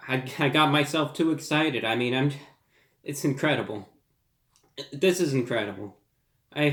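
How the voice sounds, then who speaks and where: A man's voice: medium pitch, fairly bright tone, echoey room. A man reviewing food in a formal, dramatic monologue, out of breath and stammering over restarts.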